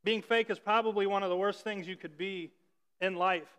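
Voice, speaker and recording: High-voiced pastor in a reverberant hall. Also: male voice, fairly even intonation, normal speed, pushed and bright, clean tone. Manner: conversational, with ironic rhetorical questions. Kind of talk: sermon. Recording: long reverb of a large hall.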